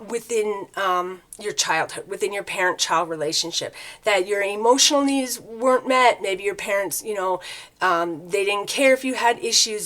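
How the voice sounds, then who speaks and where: A woman giving a casual, rambling spiritual talk as a tarot reader, often checking in with her listeners by asking "right?". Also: mid-range voice. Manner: chatty, loose and rambling, with frequent tag questions.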